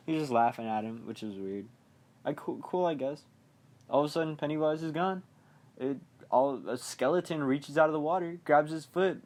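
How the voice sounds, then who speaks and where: A man's voice: a little high, normal speed, darkish tone. Young guy podcast host rambling thru a movie recap, lots of "like", mock quotes. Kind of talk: casual film recap.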